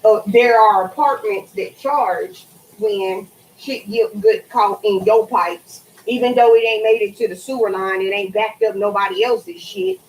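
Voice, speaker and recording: A woman's voice: mid-range voice, unhurried, reverberant, a little hiss or hum, poor audio. A woman talking casually and swearing freely while cleaning greens at her kitchen sink for a cooking vlog. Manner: animated, profane, swears freely. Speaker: cooking vlogger.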